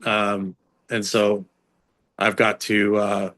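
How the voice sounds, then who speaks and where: A middle-aged man, a strength and conditioning coach, talking as an interview guest in a casual, rambling storytelling way. He uses lots of fillers and restarts, and he pitches his voice up to act out what other people said. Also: takes it slowly. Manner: animated storyteller, jumps into higher voices for quotes.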